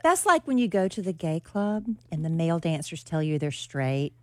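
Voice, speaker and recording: A woman's voice: deep voice, sing-song, moderate pace, heavy background noise. A woman co-hosting a casual chat show, teasing and playful. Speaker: co-host.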